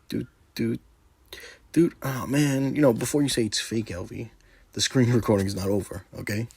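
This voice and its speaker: A man's voice: lowish voice, vocal fry, slightly rough, dry recording. A man giving sarcastic, taunting commentary over a screen recording, swearing often. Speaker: gaming video creator.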